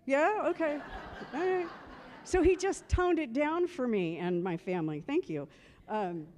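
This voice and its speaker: A woman's voice: high voice, lively intonation, unhurried, a little mellow. A woman giving a eulogy for her husband at a memorial service, telling humorous stories and acting out old conversations. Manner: humorous, acts out remembered conversations.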